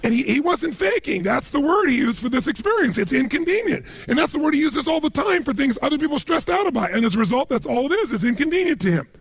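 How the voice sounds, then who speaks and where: A man giving a motivational seminar talk, telling stories in an animated, emphatic way. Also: very high-pitched, quick pace, vocal fry, hardly any pauses, no echo. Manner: animated storytelling with emphatic asides. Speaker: motivational speaker.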